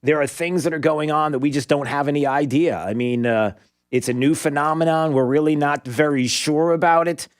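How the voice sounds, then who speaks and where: A man's voice: brisk, no room sound, clean studio sound. A man hosting a talk radio show, taking callers with sarcastic, mock-exasperated remarks. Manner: sarcastic, mock-exasperated, jumps up in pitch for emphasis.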